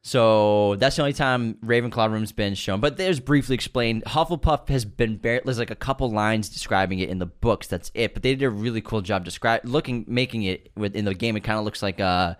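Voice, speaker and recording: A man's voice: fairly low pitch, a little fast, few pauses, smooth. A nasal male podcast host in casual chat. He talks with enthusiasm and restarts his sentences often.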